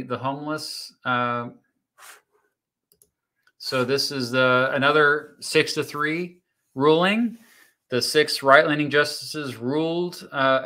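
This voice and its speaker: A man's voice: mid-range voice, pushed and bright. A man hosting a casual livestream, reading viewer comments and explaining court rulings in a chatty way with plenty of fillers and restarts. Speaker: YouTube host reading live chat.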